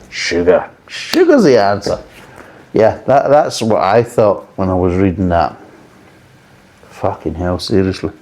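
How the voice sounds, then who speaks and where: Blunt, swearing man with a mellow voice. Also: lowish voice. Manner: blunt, exasperated, swearing freely. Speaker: beer reviewer. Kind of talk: casual beer review.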